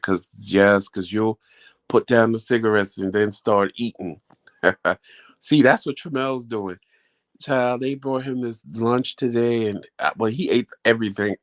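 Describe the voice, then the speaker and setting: A man hosting a vlog, chatting casually and telling stories in a loose, colloquial way, talking straight to his viewers. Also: medium pitch. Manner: animated storyteller, acts out quoted talk. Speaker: vlog host. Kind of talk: casual chat.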